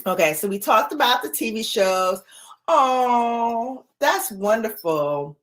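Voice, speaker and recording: A woman in her forties talks casually to her live audience from home. She laughs often and keeps a playful tone. Her delivery is unhurried, and her voice rises and falls widely. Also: fairly high pitch, animated, fairly bright tone. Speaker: livestream host. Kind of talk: casual chat with live viewers.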